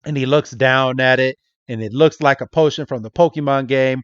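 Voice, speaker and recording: A man co-hosting a podcast, recapping a cartoon episode in casual, animated chat, laughing often and swearing bluntly. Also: mid-range voice, normal speed, clean tone, no room sound, muffled recording. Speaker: podcast co-host.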